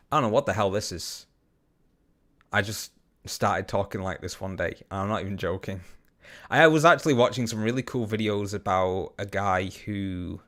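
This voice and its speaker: An English man with a general, slightly posh accent reads viewer comments and chats on his live stream. His voice sits a little low, and he talks in quick, rambling bursts with plenty of ums and some casual swearing. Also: fairly bright tone. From Bolton, England.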